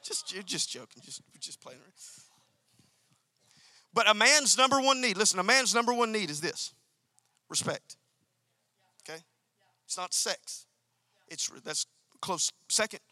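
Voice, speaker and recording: A man's voice: high voice, lively intonation, a little slow, long pauses, sharp tone, dry recording. A male pastor preaching a sermon, emphatic and repetitive, calling out to members of his congregation. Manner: emphatic, repeats key phrases, calls out to congregation.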